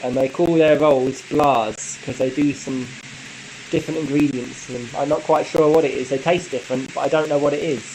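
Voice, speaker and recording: A man hosting a casual live stream, chatting in a relaxed way and answering viewer comments with frequent light laughs. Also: medium pitch, normal speed, a little hiss or hum, rough recording. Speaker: model railway channel host.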